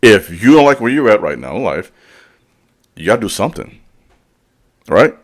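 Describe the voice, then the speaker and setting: With a fairly low, sing-song voice at normal speed, a spiritual speaker who hosts a channel preaches a blunt motivational monologue. He leans on casual slang, calls out the listener directly and repeats himself for emphasis.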